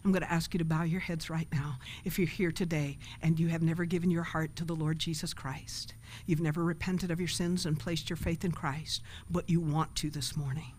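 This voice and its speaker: A woman's voice: low-pitched, fairly even intonation, a little fast, a little mellow, slight background noise. A woman pastor preaching a sermon and leading an altar call, emphatic and calling for responses from the congregation.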